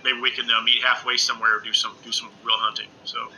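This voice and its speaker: A middle-aged man talks casually to viewers on a home livestream, rambling and excitable, full of fillers. His voice is very bright and sharp. A faint noise sits under the recording. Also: medium pitch, fast talker, vocal fry, low-quality recording. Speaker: ghost-hunting live streamer. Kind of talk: casual live-stream chat with viewers. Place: indoors at home under a lamp.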